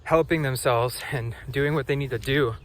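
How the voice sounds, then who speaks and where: A man speaking slowly and softly in a reflective spiritual vlog, recorded outdoors. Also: mid-range voice, a little hiss or hum. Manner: slow, soft, dreamy and reflective. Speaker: vlogger.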